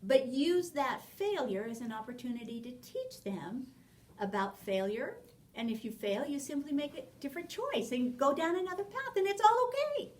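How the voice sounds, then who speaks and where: A woman teaching a parenting class, lively, acting out short exchanges with children as she explains. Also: sits high, moderate pace, distant mic, low-quality recording. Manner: animated, acts out little dialogues with children. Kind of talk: spoken class lecture.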